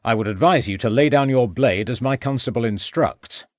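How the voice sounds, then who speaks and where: A man voicing a calm, determined police inspector who speaks in a measured, firm way. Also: medium pitch, dry recording, studio quality, lightly acted.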